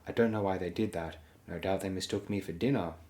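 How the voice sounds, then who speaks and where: A man's voice: sits low, fast talker, dark tone, natural voice. A man voicing a wry, sardonic dwarf lord in a dry, courtly manner.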